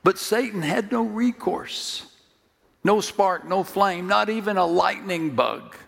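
A man's voice: high voice, expressive, slow, gravelly, a bit bright, breathy edge, in a large hall. A man preaching a sermon, telling the story dramatically, with jokes and direct appeals to his listeners. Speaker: pastor.

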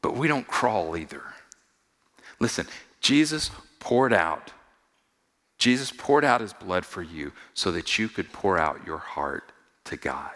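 A man preaching a sermon to a congregation. He repeats phrases for emphasis, asks his listeners questions, and swings from quiet, low asides to loud, high-pitched exhortation. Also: expressive, unhurried, big-room sound. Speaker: pastor.

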